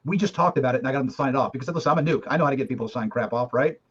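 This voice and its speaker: Talking rapid-fire at a medium pitch, this middle-aged guest shares his story openly and forcefully in a relaxed chat, dropping the occasional curse. There's noise in the background, and the lo-fi recording sounds dull.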